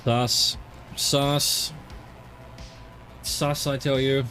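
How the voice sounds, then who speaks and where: A man's voice: medium pitch, little pitch movement, drawn-out words, bright, forceful tone, soft background music. An Australian man streaming a game, chatting casually and rambling to himself as he explores. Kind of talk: casual live-stream commentary.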